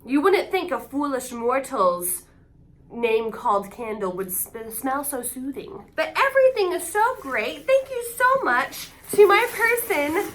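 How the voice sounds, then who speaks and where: Bubbly high-voiced woman vlogger. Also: unhurried. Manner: excitable and gushing. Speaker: AuthorTube vlogger. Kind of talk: casual unboxing vlog.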